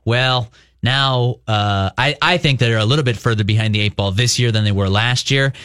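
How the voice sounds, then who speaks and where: A man's voice: medium pitch, moderate pace, a bit bright, smooth, no echo, clean studio sound. A man talking baseball as a guest on sports radio, explaining things at length in an analytical way. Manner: analytical, talks in long explanatory runs. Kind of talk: casual sports radio chat.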